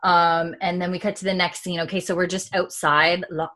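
A woman with a fairly low voice talks through a story in a loose, animated way. She keeps stopping to quote characters and laughs easily as she recaps. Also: normal speed. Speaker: podcast host recapping a TV episode. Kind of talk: casual chat, retelling scenes.

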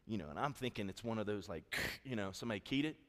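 Folksy middle-aged pastor in a reverberant church. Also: male voice, lowish voice, fast talker. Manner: animated, folksy, swings from loud storytelling to soft earnest appeal. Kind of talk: sermon with storytelling. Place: church sanctuary. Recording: long reverb of a church hall.

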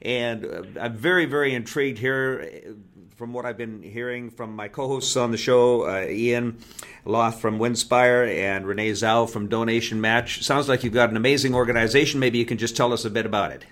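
A man with a Canadian accent hosts a podcast in a chatty, upbeat manner. His pitch sits in an ordinary middle range. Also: fairly even intonation, normal speed, a bit bright. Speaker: podcast host. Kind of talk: casual podcast hosting.

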